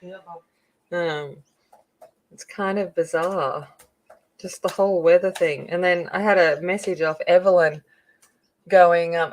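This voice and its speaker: A woman's voice: fairly low pitch, fairly even intonation, unhurried, pauses often, low-quality recording. A middle-aged Australian woman hosting a live coloring stream, chatting casually and greeting viewers by name as she rambles through asides. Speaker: coloring channel host.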